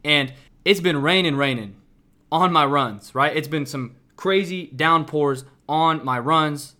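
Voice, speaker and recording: Young male podcast host from Kansas City, bright and forward tone, pitched a bit high, preachy and emphatic with lots of "right?". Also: takes it slowly. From Kansas City, Missouri. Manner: emphatic and repetitive, with frequent "right?". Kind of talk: motivational solo podcast.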